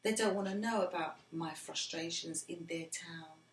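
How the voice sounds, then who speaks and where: Middle-aged woman, earnest storyteller, lowish pitch, slips into a near whisper, roomy recording. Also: moderate pace. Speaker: interviewee, mother of the interviewer. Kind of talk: personal storytelling in conversation. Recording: roomy with faint background noise.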